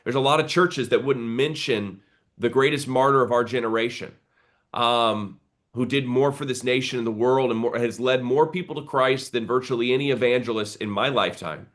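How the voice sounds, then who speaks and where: A man's voice: mid-range voice, normal speed, a bit bright. A man who is a pastor, speaking earnestly on a live video call and building to a preacher's exhortation.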